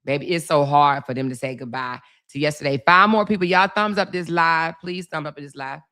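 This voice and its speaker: A woman talks loosely to her livestream audience, bright and clear in tone. She is sassy and chatty, laughing often and calling everyone baby and y'all. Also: sits low, fairly quick. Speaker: livestream host. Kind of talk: casual live chat, reading comments.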